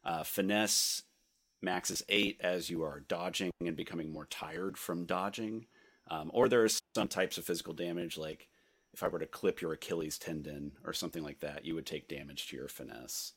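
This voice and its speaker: A young man running a tabletop game, relaxed and hesitant with many fillers. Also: low-pitched, normal speed, husky. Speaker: game master.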